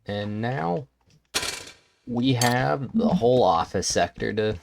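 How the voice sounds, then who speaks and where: A man's voice: mid-range voice, animated, takes it slowly, vocal fry. A man casually thinking aloud as he plays a survival game. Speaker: gameplay streamer. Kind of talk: let's-play commentary. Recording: game music underneath.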